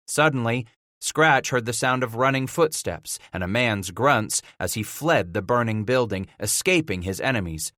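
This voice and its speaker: Brief: male narrator, bright clear tone, dry close sound, measured delivery. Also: mid-range voice, animated, dry recording. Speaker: audiobook narrator. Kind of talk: dramatic audiobook narration.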